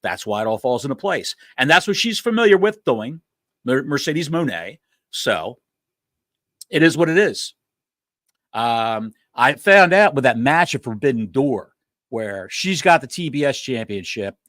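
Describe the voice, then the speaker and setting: A man co-hosting a casual podcast, animated and rambling, swearing freely as he rants. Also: mid-range voice, a little slow, no echo. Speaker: podcast co-host.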